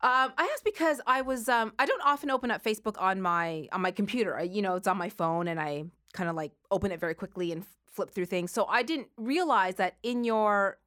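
A woman's voice: mid-range voice, lively intonation, a little fast, few pauses, fairly bright tone. A woman hosting a radio show, chatting casually with a giggly, rambling manner. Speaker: radio host.

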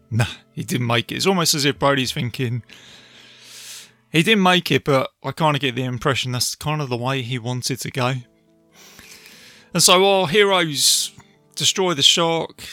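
A man's voice: medium pitch, creaky, pushed and bright, dry recording. Chatty man hosting a film podcast. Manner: chatty, retelling scenes with many fillers. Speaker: podcast host. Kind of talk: casual film review podcast.

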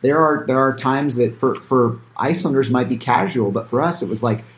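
A man's voice: medium pitch, brisk, echoey room. A man, a filmmaker being interviewed, talking casually with many fillers and restarts. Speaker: filmmaker guest.

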